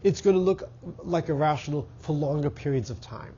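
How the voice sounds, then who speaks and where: A man's voice: a little high, very animated, brisk, mellow, highs cut off, a little hiss or hum. Congested Boston-accented man lecturing math. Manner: thinking aloud with fillers and restarts. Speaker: math professor. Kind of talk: university lecture. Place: lecture hall.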